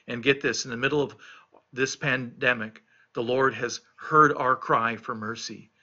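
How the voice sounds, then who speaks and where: A man's voice: mid-range voice, steady tone, normal speed, sharp tone, muffled recording. A middle-aged man, a pastor recovering from illness, giving an earnest devotional reflection on scripture, stressing and repeating key phrases.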